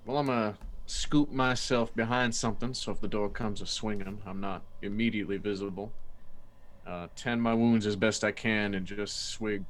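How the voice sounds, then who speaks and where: A man playing a tabletop game, calm, with a slow drawling way of speaking. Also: lowish voice. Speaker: player.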